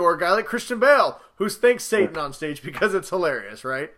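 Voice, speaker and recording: A man in his thirties co-hosting a casual podcast, telling stories about his kids with lively retellings of their lines. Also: sits high, fast. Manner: animated storyteller, acts out his kids' lines. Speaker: podcast co-host.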